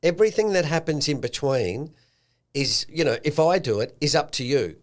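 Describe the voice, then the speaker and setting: A man with an Australian accent hosting a casual podcast chat in an animated way, slipping into slangy bits of speech. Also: fairly high pitch, normal speed. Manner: animated, acts out quotes with a slangy tone. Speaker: podcast host.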